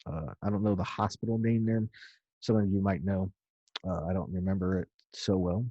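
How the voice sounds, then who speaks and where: A man's voice: sits low, level tone, normal speed, warm tone. A man casually recounting a story of his own in a loose, rambling way, with some swearing. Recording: dull lo-fi dry recording.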